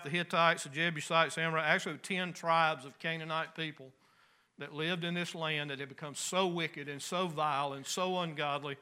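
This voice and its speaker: A pastor preaching a sermon in a folksy, conversational way with homespun asides. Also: male voice, fairly high pitch, sharp tone, clear, resonant tone.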